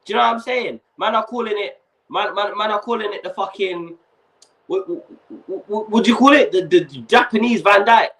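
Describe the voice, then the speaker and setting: A man's voice: high-pitched, moderate pace, fairly bright tone. A young man, hosting a casual fan livestream and ranting with slang and swearing while he's overheated. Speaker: fan channel host.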